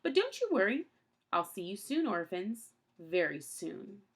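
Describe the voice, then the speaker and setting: A scheming storybook villain who relishes every boastful word, drawing his lines out slowly and menacingly. The voice has a gravelly grain, as a woman puts him on while reading aloud. He is loud and pleased with himself. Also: mid-range voice, big pitch swings, exaggerated voice. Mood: sly. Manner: gloating, drawn-out, menacing. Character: scheming villainous adult man, gloating.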